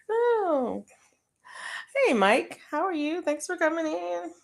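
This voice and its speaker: A woman's voice: very high-pitched, vocal fry. A middle-aged woman hosting a live stream, chatting casually to viewers and crocheting as she talks, rambling with lots of ums and frequent laughs. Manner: crocheting while talking.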